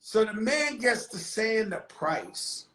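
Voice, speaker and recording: A man hosting his own live stream, telling a story in a casual, animated and profane way, with sudden shouted bursts. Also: high-pitched, slow, roomy sound, poor audio. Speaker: livestream host telling a story. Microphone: phone on a live stream.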